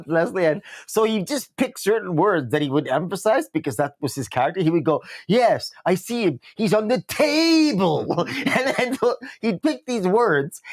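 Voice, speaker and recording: A man co-hosting a podcast in casual chat, laughing often and reading viewer comments aloud. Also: a little high. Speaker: podcast co-host.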